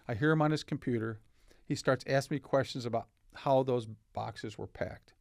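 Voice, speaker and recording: A man's voice: mid-range voice, moderate pace, creaky, darkish tone, dry recording, clean studio sound. An older man, a company founder, telling stories in a casual podcast interview and acting out the dialogue. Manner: anecdotal, acts out dialogue in stories. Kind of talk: casual storytelling. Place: podcast studio.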